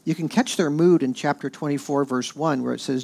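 A man preaching a sermon in a conversational, animated way. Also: a little high, brisk, gravelly, few pauses. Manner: conversational, with fillers and animated quoting. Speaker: pastor.

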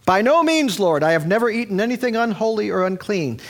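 A man's voice: high voice, expressive, fairly quick, pitched above the performer's own voice. A man voicing a devout male apostle who protests with indignant exclamations. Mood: protesting.

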